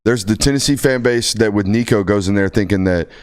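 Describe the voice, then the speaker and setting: A man's voice: lowish voice, brisk. A young man hosting a casual sports talk show, telling stories in a laid-back, drawling way. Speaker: podcast host.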